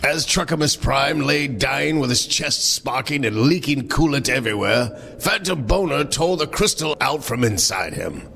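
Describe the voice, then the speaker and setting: A man hosting a comedy show, reading a crude mock-epic story in a deadpan way. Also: mid-range voice, moderate pace, vocal fry, hardly any pauses, long reverb tail, crowd noise. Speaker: host and story reader.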